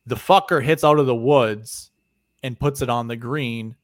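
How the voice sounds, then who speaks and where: A man co-hosting a podcast, telling a story in casual chat, animated and swearing freely, often trailing off quietly at the ends of phrases. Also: medium pitch, moderate pace, no echo, studio quality. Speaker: podcast co-host.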